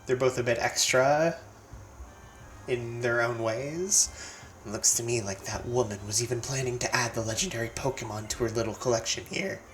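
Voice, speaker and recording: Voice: medium pitch, moderate pace, fairly bright tone, a little hiss or hum. A streamer chatting casually over a game, self-deprecating, with stammered restarts. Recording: roomy sound with faint game music.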